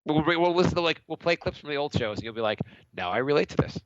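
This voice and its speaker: A man's voice: a little high, expressive, fast talker, dry recording, highs cut off. A man in his thirties co-hosting a comedy podcast, talking casually, laughing often and acting out little quotes. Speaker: podcast co-host.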